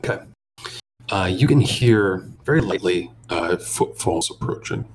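Deep voiced guy gm-ing a tabletop game, slow descriptive narration, bit of faint noise. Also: expressive. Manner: measured, descriptive narration with filler pauses. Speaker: game master.

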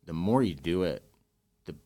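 A man's voice: low voice, lively intonation, normal speed, dark tone. A man as a podcast guest, talking earnestly and emotionally about loss and carrying on. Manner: earnest, emotional, speaks openly about grief. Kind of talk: candid interview conversation.

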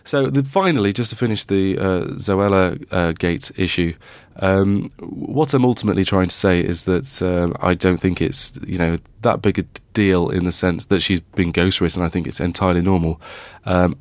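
A man from Derbyshire co-hosts a podcast in a casual, wry, rambling way. His voice sits very low, and the recording is dry and close. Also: normal speed, hardly any pauses, no room sound. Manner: chatty, wry, rambling with fillers. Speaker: podcast co-host. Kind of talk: casual chat.

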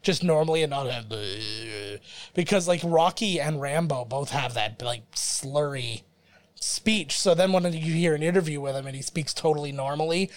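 A young man with a slightly high voice chats casually about an old film. He rambles and jokes, and now and then drops into a quick impression as he co-hosts the podcast. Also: dry recording. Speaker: podcast co-host. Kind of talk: casual movie commentary chat.

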